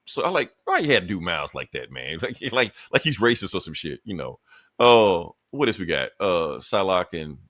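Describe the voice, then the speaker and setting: A man co-hosting a casual podcast, recapping comic books in a loose, profane, joking way. His pitch swings a lot as he tells the story. The sound is dry and close. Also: sing-song, fairly bright tone, no room sound. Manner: laid-back, profane, recaps comics with quick put-on quotes. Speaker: podcast co-host. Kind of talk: casual comic book chat.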